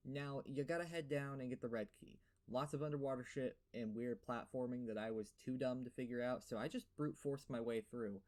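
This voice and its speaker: Brisk and with few pauses, a young gaming video host with a lisp delivers a profane, sarcastic game review packed with rants and fillers. His voice is medium-pitched with a darkish tone.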